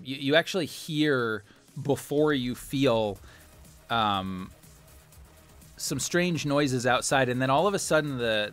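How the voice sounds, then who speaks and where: A man narrating as game master in a tabletop game, rambling with many fillers. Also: mid-range voice.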